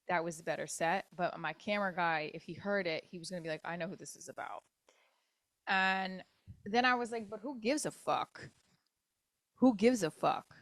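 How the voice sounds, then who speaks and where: A middle-aged woman comedian hosting her podcast, telling a dating story in a candid, profane, animated way and acting out other people's lines. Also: lowish voice, no room sound. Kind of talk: casual storytelling monologue. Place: New York.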